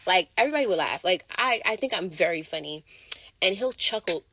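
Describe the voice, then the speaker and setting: A woman telling a dating story in casual, animated chat. She curses and acts out what people said. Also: on the low side, brisk, lo-fi sound, background noise. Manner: animated, swearing, acts out quotes.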